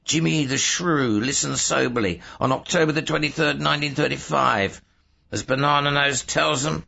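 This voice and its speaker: A man giving sardonic, measured audiobook narration, in a dull lo-fi recording. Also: a little high, vocal fry, sharp tone.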